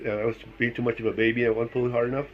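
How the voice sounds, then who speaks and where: At home with his dogs, a middle-aged vlogger chats casually through a personal story, laughing along and acting out what people said. His medium-pitched voice is flat and racing, and the highs in the audio are cut off.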